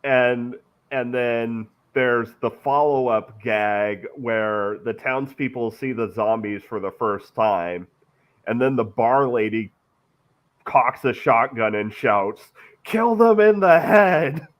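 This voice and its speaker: Slow, halting man on a dull mic. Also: mid-range voice. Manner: halting, repeats words while finding the thought. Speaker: podcast co-host. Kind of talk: casual film discussion.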